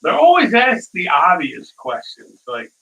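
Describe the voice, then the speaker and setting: A man's voice: high-pitched, huge pitch swings, measured pace, creaky, sharp tone, recorded from a distance, poor audio. Rambling man hosting a cooking stream. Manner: rambling storyteller, chuckles at own dad jokes. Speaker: live-stream cooking show host. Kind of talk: casual chatty cooking stream.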